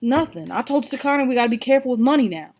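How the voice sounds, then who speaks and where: A woman's voice: high-pitched, animated, rapid-fire, a little mellow, pitched above the performer's own voice. Woman reading as a teasing teen brother. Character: teasing teenage older brother.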